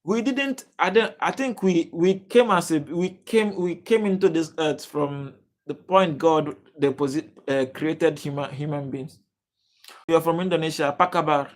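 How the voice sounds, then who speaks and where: A livestream host from Nigeria, with a voice on the high side, reads comments in a casual live chat. He speaks haltingly with many fillers and restarts, addressing viewers by name.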